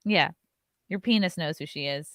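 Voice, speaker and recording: A woman hosting a casual comedy talk show, trading quick teasing banter with her co-host. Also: deep voice, a bit bright.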